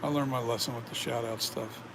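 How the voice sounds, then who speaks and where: A man's voice: mid-range voice, steady tone, a little fast, vocal fry, very noisy. A man who makes masks, chatting casually on a live stream, rambling as he reads and answers viewer comments. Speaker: mask maker streaming to viewers.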